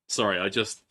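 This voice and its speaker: A man's voice: lowish voice, pushed and bright, slightly rough. A man casually commenting on a live stream, swearing and rambling as he repeats himself.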